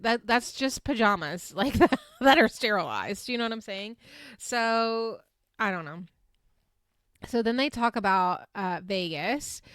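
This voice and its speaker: In a dry, studio-quality recording, a woman with a medium-pitched, fairly bright voice recaps a reality show on her podcast. She's past her twenties and keeps things casual and chatty, speaking bluntly, cursing without hesitation, and laughing frequently amid her fillers.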